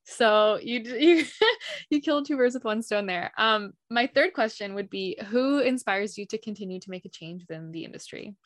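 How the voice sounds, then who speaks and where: Woman host of a podcast, friendly and quick-spoken, dry sound. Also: mid-range voice, dry recording. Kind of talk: casual interview chat.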